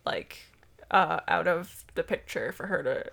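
A woman's voice: lowish voice, big pitch swings, unhurried, vocal fry, fairly bright tone. A woman co-hosting a casual chat, blunt and casual, with frequent fillers like "like".

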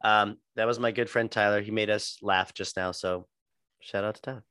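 A man's voice: on the low side, fairly even intonation, normal speed, bright, forceful tone, smooth, no echo, studio quality. A man co-hosting a podcast, talking casually and animatedly, swearing and laughing often. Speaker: podcast co-host.

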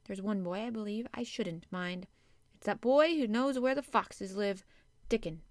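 A woman's voice: mid-range voice, a little slow, no room sound, studio quality, lightly acted. A woman voicing a sickly, petulant young boy in an audiobook. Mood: thoughtful. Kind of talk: audiobook character voice.

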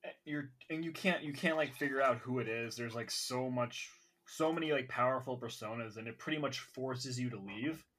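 A man's voice: medium pitch, normal speed, a bit bright. A man hosting a casual podcast, eager and talking with lots of fillers. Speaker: podcast host. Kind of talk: casual podcast chat about a video game.

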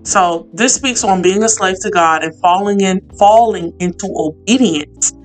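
A woman's voice: mid-range voice, measured pace, soft background music. A woman hosting a podcast Bible study, talking casually and earnestly to her listeners and leading them in fervent prayer.

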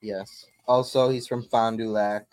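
A co-host in a relaxed sports podcast who chimes in with dry, wry asides. The voice is recorded close and dry, with little room sound. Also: medium pitch, a little slow, no echo, low-quality recording. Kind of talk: casual sports chat.

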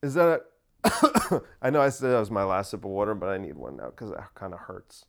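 A man's voice: sits low, sing-song, fast, vocal fry. A man hosting a casual solo podcast, ranting sarcastically and swearing freely. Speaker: podcast host.

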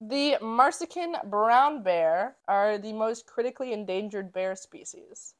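A woman's voice: medium pitch, animated, unhurried. A young woman co-hosting a podcast, telling a story in casual chat, giggly and teasing.

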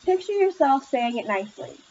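A patient female tutor from a storybook, cheering her student on, voiced by a woman reader. The voice sits a little high and gentle. The recording is somewhat dull and lo-fi. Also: sing-song, a little fast, slight background noise. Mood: encouraging. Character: patient encouraging woman tutor teaching speech. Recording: slightly muffled lo-fi recording.

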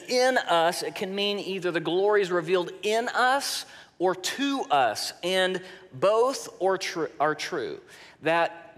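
A male pastor delivers a sermon in an unhurried, measured way, letting his voice sink quiet to drive a point home. His voice sits a little high for a man. The long reverb of a large church sanctuary trails after every phrase. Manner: slow, deliberate preaching that drops soft for emphasis.

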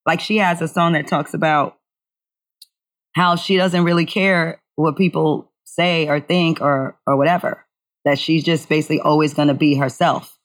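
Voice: medium pitch, fairly even intonation, moderate pace, fairly bright tone. A co-host in casual talk, earnest and reflective, often restarting sentences. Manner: earnest, thinks aloud with restarts. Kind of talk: casual chat.

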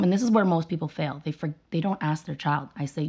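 A woman with a notably low voice talks in a casual interview. She tells stories earnestly and with emphasis, in a conversational flow. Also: fairly quick, dark tone, slightly rough. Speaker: guest, parent sharing her views.

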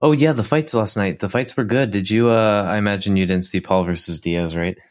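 A man's voice: lowish voice, brisk, dry recording. A young man co-hosting a podcast in casual chat, easygoing and friendly, calling his friend dude and bro. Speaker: podcast co-host.

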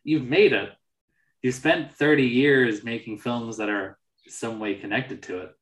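A man's voice: medium pitch, measured pace, echoey room, rough recording. A man co-hosting a film podcast, talking casually and animatedly, swearing and acting out mocking quotes. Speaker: podcast co-host.

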